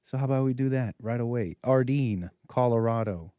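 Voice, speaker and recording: A man's voice: medium pitch, a little fast, clean tone, no echo, dull audio. A man hosting a call-in talk show, rambling and joking with lots of fillers and restarts.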